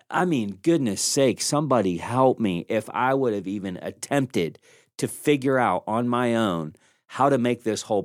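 A man hosting a leadership podcast, telling stories in an animated, self-deprecating way and acting out the lines he quotes, on a studio microphone. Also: fairly low pitch, no echo. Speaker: podcast host. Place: small studio room.

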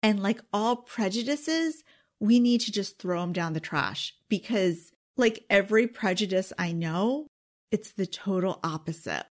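A woman's voice: medium pitch, expressive, measured pace. A middle-aged woman hosting a podcast in a casual, emphatic way, often asking "okay?" and laughing. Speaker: podcast host. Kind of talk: casual solo podcast talk.

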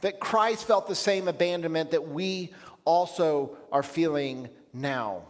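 Reflective male pastor in echoing hall. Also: a little high. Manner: measured, reflective preaching with pauses. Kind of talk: sermon.

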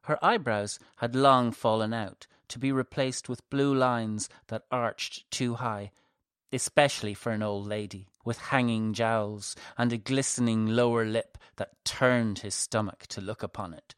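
A man reads his own story aloud in a measured, softly dramatic narration. He takes his time, at an unhurried pace. The recording is dry and close, with no room sound. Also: mid-range voice, fairly even intonation, clean tone, dry recording.

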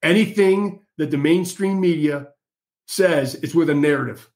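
A man's voice: fairly high pitch, a little slow, a little mellow. A man hosting an opinionated political monologue, combative and mocking, talking straight to his listeners. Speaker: political commentary host.

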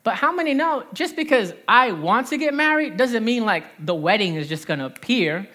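Lively New Jersey woman preaching. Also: on the high side. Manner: lively preaching with call-and-response, quick laughs and repeated phrases. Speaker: pastor. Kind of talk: sermon.

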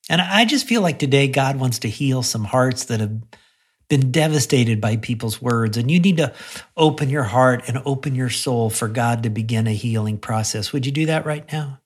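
A man's voice: medium pitch, slightly rough. A man preaching a radio sermon as a pastor, talking earnestly and conversationally before leading a prayer.

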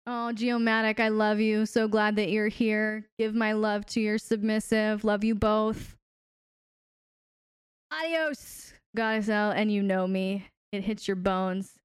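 Playful woman host with a smooth voice. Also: medium pitch, fairly even intonation, slow pace, dry recording, clean studio sound. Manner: playful and teasing, laughs often. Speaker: host and relationship coach. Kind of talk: casual live-stream sign-off answering chat.

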